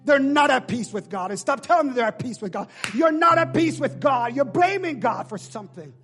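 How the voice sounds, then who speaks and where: A man preaching a sermon as pastor, swinging between shouted pleas and hushed, drawn-out lines with a call-and-response cadence. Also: very high voice, expressive, husky, soft background music. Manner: shifts between shouting and hushed near-whispers.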